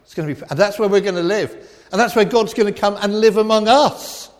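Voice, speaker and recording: A middle-aged man preaches with emphatic, repeated declarations, his slightly high voice lifting for big points and dropping low for quiet ones. A long reverb trails off each phrase, as in a large church hall. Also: brisk. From England. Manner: emphatic and repetitive, swinging from loud declarations to quiet reflection. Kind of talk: sermon.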